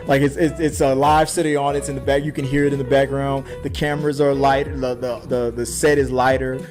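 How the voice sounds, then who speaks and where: An excited young man gushes in a loose, rambling way, stopping and restarting his sentences as he talks. He's on a casual podcast panel, speaking into a webcam mic, with faint music somewhere behind him. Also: medium pitch, brisk. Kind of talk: casual chat.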